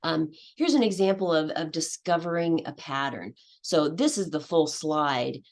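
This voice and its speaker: Speaking low and a little slowly, a woman gives a teaching presentation at a conference. She lays out her explanation one step at a time and performs her students' voices as she goes.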